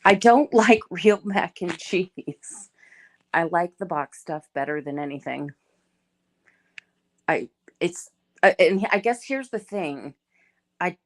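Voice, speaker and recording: Laid-back woman chatting on a livestream. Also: lowish voice. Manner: laid-back, chatty, greets viewers by name. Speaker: livestream host. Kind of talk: casual live chat reading comments.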